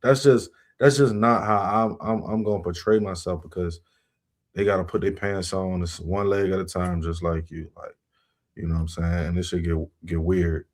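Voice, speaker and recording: A man's voice: low-pitched, fairly even intonation, normal speed. A man on a talk show panel, giving slangy, rambling opinions with lots of "you know what I'm saying". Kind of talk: casual talk show commentary.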